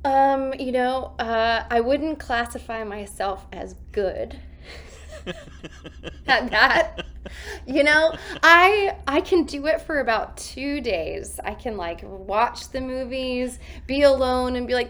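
Woman on a zoom call from her hotel room, kinda high voice, laughing thru her stories, getting over covid. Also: takes it slowly. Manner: animated storytelling, laughing, acting out her own lines. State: recovering from covid. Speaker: actress guest. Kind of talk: casual interview chat. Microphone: video call.

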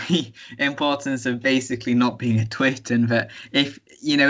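Bright-voiced young man co-hosting. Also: medium pitch. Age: young adult. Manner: dry, playful, repeats words. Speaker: podcast co-host. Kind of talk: casual chat and mock commentary. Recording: over a video call.

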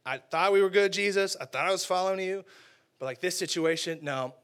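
A man's voice: high-pitched, fairly quick, fairly bright tone, smooth. A man playing a doubting disciple who stammers in a flustered, anxious way.

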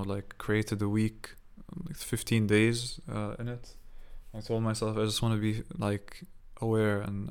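A man's voice: on the low side, gravelly, darkish tone, smooth. A young man hosting his own podcast, telling a long personal story in a rambling, profane way, full of "like" and "you know". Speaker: podcast host. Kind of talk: casual monologue.

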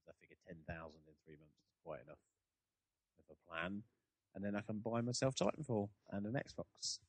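A young man talks through a casual podcast chat, rambling and poking fun at himself. His voice sits low and is recorded close on a very dry mic with no room sound. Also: lively intonation, a little fast, husky, dry recording. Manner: chatty, rambling, self-deprecating. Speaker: podcast host.

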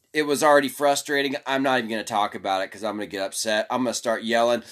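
A man's voice: medium pitch, a bit bright. A man hosting a podcast, chatting casually in a rambling way with cursing and frequent restarts. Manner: rambling, cursing, self-interrupting. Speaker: podcast host. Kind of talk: casual chat.

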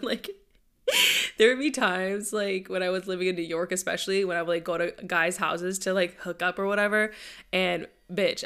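Chatty young woman with a smooth voice. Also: on the low side, a bit bright. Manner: chatty, rambling, frequent fillers and swearing. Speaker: podcast host. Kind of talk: casual chat.

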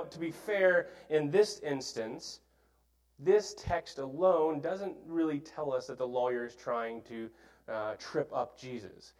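A man preaching a sermon, explaining scripture earnestly with frequent pauses, fillers and restarts. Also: on the high side, poor audio.

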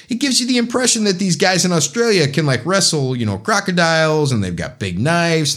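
A man's voice: fairly high pitch, sing-song, fairly quick, hardly any pauses, a bit bright. A man hosting a podcast, rambling in a casual political monologue, talking straight to his listeners and often correcting himself. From United States. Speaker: podcast host.

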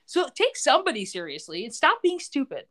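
A woman co-host talks through a TV recap with blunt, profane opinions, her voice fairly high and swinging widely in pitch. She laughs often and is quick to judge. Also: very animated, fairly bright tone. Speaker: podcast co-host. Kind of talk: casual TV recap chat.

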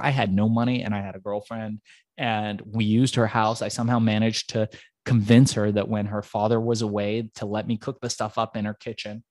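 Animated male storyteller, dry sound. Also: lowish voice, fairly quick, no room sound. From Iran. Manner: animated storyteller who acts out the people in his stories. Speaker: podcast guest, entrepreneur. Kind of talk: storytelling in a conversational interview.

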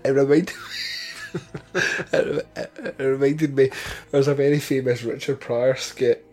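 A man co-hosting a casual chat about old horror films, animated and laughing as he talks. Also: medium pitch, unhurried. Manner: animated, laughing film talk. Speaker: podcast co-host.

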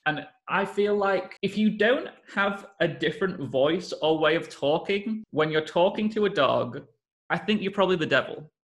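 A man's voice: sits high, normal speed. A young man co-hosting a casual chat, telling jokey stories with playful asides. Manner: lively, jokey storytelling with playful put-on voices.

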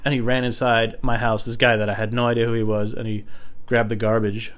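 A young man telling casual stories in a rambling, laid-back, self-mocking way, jumping into loud voices when he quotes people. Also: medium pitch, flat delivery, a little fast. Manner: acts out quoted voices loudly. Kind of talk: casual storytelling.

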